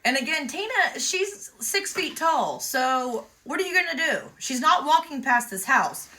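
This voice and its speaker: Bright-voiced woman telling a story. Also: sits high, measured pace. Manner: lively, vivid retelling with quoted exchanges. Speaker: emu owner telling a story. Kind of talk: casual storytelling.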